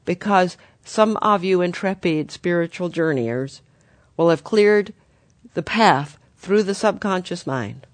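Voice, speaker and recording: Gently guiding listeners she addresses as dear ones, a spiritual teacher speaks slowly yet animatedly at an ordinary middle pitch. The recording is dry, with no room sound.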